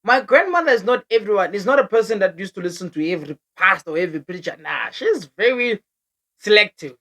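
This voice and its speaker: A young South African woman recounts a story to her vlog audience with an accent that colors every phrase. Her voice sits at a middle pitch but swings widely as she acts out moments, often breaking into laughter and hopping between languages. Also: fast. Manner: animated, laughs often, code-switches mid-sentence. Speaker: vlogger.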